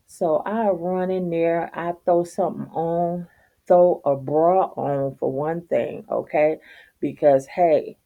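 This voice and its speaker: A middle-aged woman telling a story in a casual, profane, animated rant, laughing as she goes. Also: low voice, creaky, muffled recording. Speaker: vlogger.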